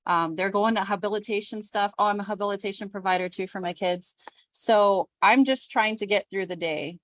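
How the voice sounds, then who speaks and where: A woman with a mid-range voice talks fairly quickly, and the recording has no echo. She's a business owner and homeschooling mom giving a casual testimonial on a group video call, chatty and self-deprecating, with animated voices for the people she quotes.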